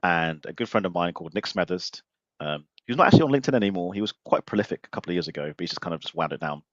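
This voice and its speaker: A man's voice: low-pitched, lively intonation, very fast, dry recording, lo-fi sound. A man hosting a casual live show, talking bluntly and animatedly and swearing freely. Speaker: podcast host. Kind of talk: casual livestream chat.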